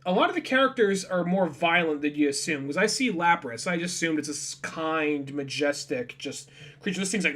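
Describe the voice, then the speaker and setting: A man's voice: fairly high pitch, lively intonation, moderate pace, few pauses, bright, forceful tone. A young man co-hosting a podcast, casually retelling comic scenes and quoting the dialogue. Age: young adult. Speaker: podcast co-host. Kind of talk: casual chat.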